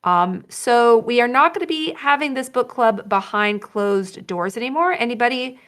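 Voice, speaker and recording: A woman hosting a book club, announcing the next book and news in a relaxed, upbeat way. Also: fairly high pitch, normal speed. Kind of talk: casual chat.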